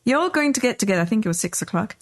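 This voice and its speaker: A woman's voice: medium pitch, expressive, racing. A middle-aged woman hosting a podcast, telling a personal story in a loose, rambling way with lots of fillers and restarts. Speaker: podcast host. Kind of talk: casual storytelling chat.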